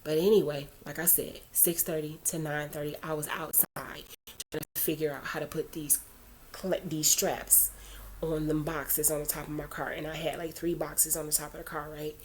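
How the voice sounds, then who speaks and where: A woman's voice: deep voice, flat delivery, normal speed, crowd noise. A woman vlogger telling a personal faith story in a chatty, rambling way, full of asides, turning earnest when she urges prayer. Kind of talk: casual storytelling to camera.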